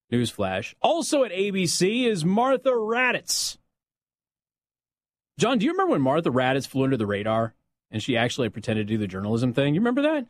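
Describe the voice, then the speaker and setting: A man's voice: a little high, no room sound. A man hosting a talk radio show, delivering an opinionated, mocking monologue on a close studio mic. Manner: sarcastic, mocking, animated.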